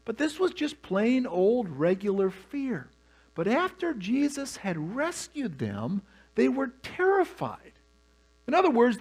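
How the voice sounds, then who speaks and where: A pastor preaching a sermon, telling the story with humor and animation. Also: medium pitch.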